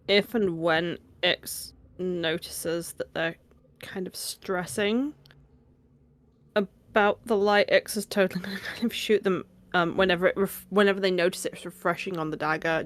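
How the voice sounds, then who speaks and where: A woman playing a tabletop game, talking bluntly and swearing casually. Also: lowish voice. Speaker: player.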